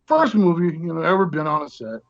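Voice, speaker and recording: A man with a fairly high voice tells a story as a guest on a show, lively and animated, jumping into other people's voices as he goes. The audio is dull and lo-fi. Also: fairly quick, dry recording. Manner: animated, acts out the other people in his stories. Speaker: guest actor. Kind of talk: casual storytelling.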